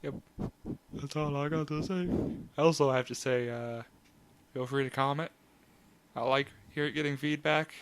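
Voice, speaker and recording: A man's voice: a little high, fairly even intonation, moderate pace, pauses often, smooth. A man hosting a casual podcast chat, rambling and laughing often. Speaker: podcast host.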